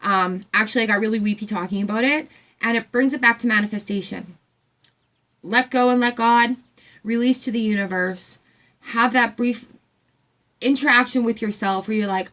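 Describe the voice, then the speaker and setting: Chatty excited woman vlogging. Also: a little high, normal speed. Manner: excited, rambling, filler-heavy. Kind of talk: casual gratitude vlog.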